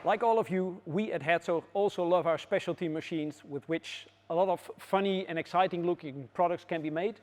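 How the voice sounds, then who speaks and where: A man guiding visitors through a factory floor, explaining in a measured way with frequent pauses. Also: high voice, slight background noise. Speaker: factory tour guide. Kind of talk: guided factory tour.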